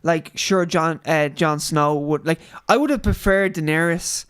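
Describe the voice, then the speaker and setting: Brief: male podcast co-host, high voice, loose, jokey, profane banter. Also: smooth. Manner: animated, swearing, quick to joke and mimic. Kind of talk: casual chat.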